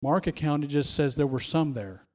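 A man's voice: on the high side, normal speed, darkish tone. A man preaching a sermon, emphatic, often repeating phrases and restarting as he stresses a point.

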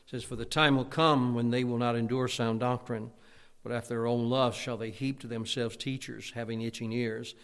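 Loud preacher in echoing church. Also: male voice, mid-range voice, fairly even intonation, normal speed, clean tone. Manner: loud, emphatic preaching with stammered restarts. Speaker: pastor. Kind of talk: fiery sermon. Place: church sanctuary. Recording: long church reverb.

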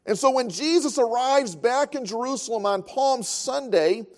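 A man's voice: very high voice, normal speed, a little mellow. A man preaching a sermon as pastor of a church, telling stories with frequent filler sounds.

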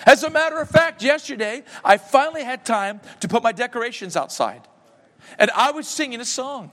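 A man's voice: extremely high pitch, animated, a little fast, fairly bright tone, long reverb tail. A male pastor preaching a sermon in a church, emotive and joking with his congregation.

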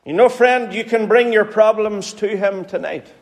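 A man's voice: high voice, normal speed. A man with a Northern Irish accent preaching a sermon in an earnest, pleading way, repeating phrases for emphasis. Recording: hall reverb.

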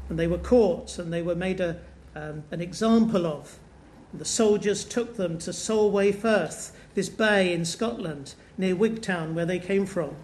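A man with a high voice preaches a sermon as an earnest storyteller. He slows his delivery to weigh key moments. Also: a little mellow, a little hiss or hum.

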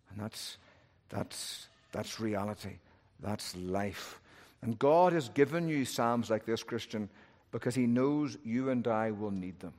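Preacher man in an echoing hall. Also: takes it slowly. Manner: swings from loud urgent peaks to hushed low phrases. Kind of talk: sermon. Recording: long hall reverb.

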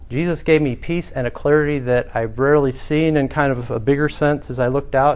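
A man's voice: medium pitch, darkish tone. Middle-aged man, pastor, sermon delivery, earnest and emphatic, mid-range voice. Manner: earnest storytelling with emphatic swells.

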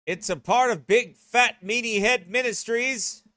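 A man who is a pastor delivering a brash, mocking, rapid-fire rant to an online audience. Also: extremely high pitch, sharp tone, no echo, clean studio sound. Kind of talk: online ranting sermon.

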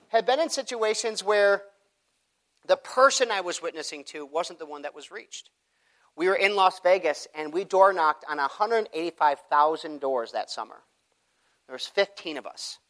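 A man preaching a sermon, telling a personal story in an animated way and acting out the people in it. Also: high-pitched, moderate pace. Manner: animated storytelling, acts out quoted voices.

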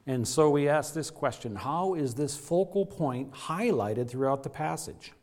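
A man's voice: animated, unhurried. A man preaching a sermon to his congregation, emphatic and earnest, his voice rising and falling to stress points. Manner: emphatic preaching with wide swings in pitch and loudness. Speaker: pastor.

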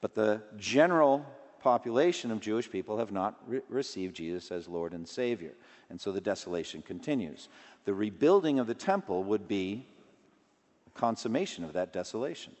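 A man preaching a sermon in an earnest way, his voice rising in pitch and force when he stresses a point. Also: expressive, normal speed, a little mellow, in a large hall.

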